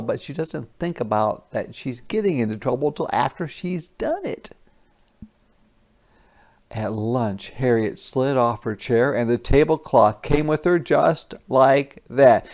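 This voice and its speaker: A man teacher reads a picture book aloud to young children at an unhurried pace. His voice has a gravelly edge, and he stops to explain words and ask what will happen next. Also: mid-range voice, a little mellow.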